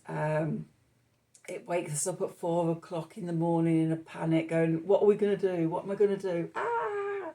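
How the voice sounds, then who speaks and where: A woman's voice: on the low side, mellow. A woman giving a spoken tarot reading, meandering and reflective, with many fillers. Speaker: tarot reader.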